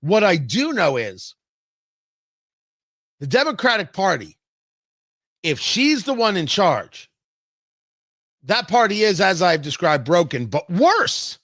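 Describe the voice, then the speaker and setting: A man's voice: high-pitched, fairly bright tone, no room sound. A male talk show host giving a rambling, sarcastic political commentary monologue, full of restarts and tangents. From United States.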